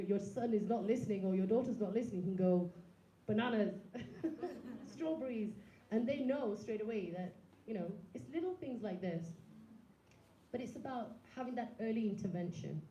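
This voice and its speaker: Woman, 30s, public talk, earnest, asks the audience questions, dark tone, roomy echo. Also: mid-range voice, a little hiss or hum. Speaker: speaker. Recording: echoey room, slightly dull sound.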